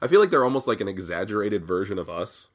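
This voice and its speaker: A man co-hosting a casual podcast, talking haltingly and often restarting and repeating words. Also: on the low side, sing-song. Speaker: podcast co-host. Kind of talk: casual wrestling chat.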